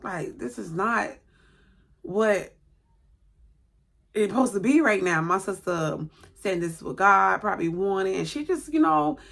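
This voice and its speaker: Gravelly-voiced woman telling a personal story. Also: mid-range voice, lively intonation, a little slow, pauses often, a bit bright. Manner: chatty, rambling, self-correcting. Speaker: vlogger. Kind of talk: casual storytelling to camera.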